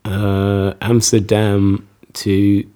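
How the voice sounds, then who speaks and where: A man's voice: on the low side, monotone, drawn-out words, mellow. A man, chatting casually and telling rambling stories with frequent laughs. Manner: rambling storyteller, laughs often. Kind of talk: casual conversation.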